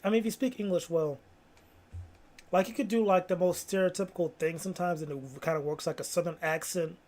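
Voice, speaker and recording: A man's voice: high-pitched, steady tone, brisk, a little mellow. A man hosting a casual video, rambling through tangents and pleased with himself. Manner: rambling, self-amused, full of "like".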